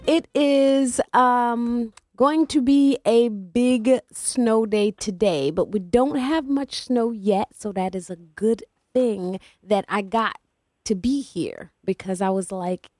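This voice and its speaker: A woman hosting a casual community radio talk show. She is chatty and playful, and her pitch sometimes swoops up suddenly. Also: takes it slowly, mellow, no echo, clean studio sound, soft background music. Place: radio studio.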